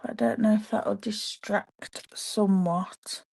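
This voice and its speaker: A woman talks her viewers through making a handmade card, live from her craft room at home. She speaks slowly and unhurriedly, with a mid-range voice, chatting to viewers as she works. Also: medium pitch, fairly even intonation, vocal fry, darkish tone. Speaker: papercraft demonstrator.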